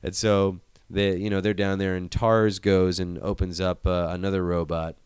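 A man in casual chat reviewing a movie, profane and animated, acting out the scenes. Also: sits low, normal speed, smooth, dry recording, clean studio sound.

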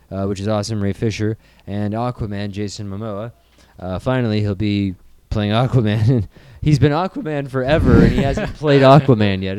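Rambling, sarcastic man with a smooth voice. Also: medium pitch, darkish tone, dry recording. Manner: rambling, sarcastic, swears a lot. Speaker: co-host of a movie news show. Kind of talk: casual profane banter.

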